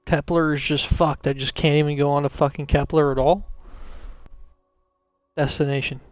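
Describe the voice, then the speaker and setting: A man's voice: fairly high pitch, little pitch movement, normal speed, no echo, highs cut off. A man commenting on his game live, rambling and swearing in frustration. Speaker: streamer.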